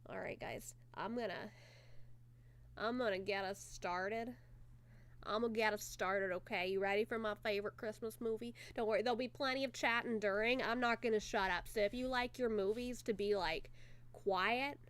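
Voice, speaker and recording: A woman's voice: medium pitch, normal speed. A sick, congested woman chatting casually on a livestream, giggly and joking crudely. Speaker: streamer hosting a movie watchalong.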